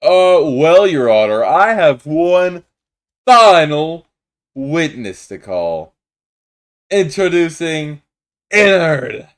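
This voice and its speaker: A man's voice: a little high, very animated, extremely slow, long pauses, voice pushed up, heavily acted. A man voicing a zealous, pompous male prosecutor in a Minecraft roleplay, announcing in a theatrical, emphatic way.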